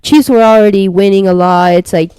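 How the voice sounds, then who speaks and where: A woman's voice: mid-range voice, steady tone, brisk, mellow, clean tone, dry recording. A young woman co-hosting a sports podcast, talking casually in loose slang with lots of fillers. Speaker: podcast co-host.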